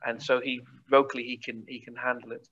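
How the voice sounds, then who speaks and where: A man hosting a casual interview, asking halting questions with frequent restarts. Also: medium pitch, little pitch movement, a bit bright, husky, highs cut off. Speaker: host.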